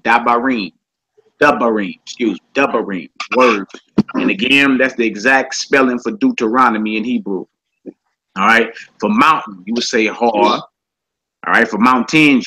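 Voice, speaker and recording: A man teaching a casual online language class, relaxed and conversational, repeating each word slowly for his students. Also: mid-range voice, breathy edge, low-quality recording.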